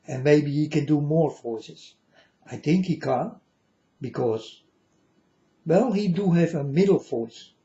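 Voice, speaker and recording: A man's voice: on the high side, slow, pauses often, warm tone, highs cut off. A man giving a rambling, preachy spiritual monologue to viewers, repeating himself and calling them folks, in non-standard English. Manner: preachy, repetitive, calls audience folks. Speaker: vlogger addressing viewers.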